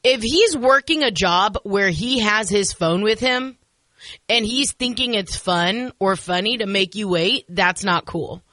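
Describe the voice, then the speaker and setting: Chatty bright-voiced woman radio host. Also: mid-range voice, measured pace, dry recording. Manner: chatty and self-deprecating. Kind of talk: casual radio chat.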